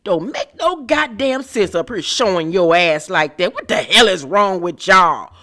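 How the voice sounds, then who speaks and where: A woman putting on a loud, cussing older woman elder. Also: on the low side, lively intonation, unhurried. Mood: scolding. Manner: loud, profane, scolding. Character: older woman elder scolding rowdy younger women.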